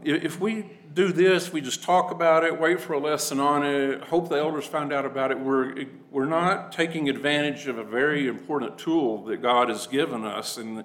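A man's voice: medium pitch, fairly bright tone, poor audio. A man teaching a conversational Bible class to a congregation, plain-spoken and acting out the people he quotes.

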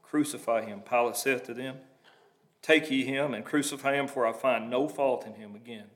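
A man's voice: medium pitch, steady tone, normal speed, a bit bright. Man preaching from scripture. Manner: reads verses then breaks into plain conversational asides. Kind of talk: sermon, reading scripture and explaining it.

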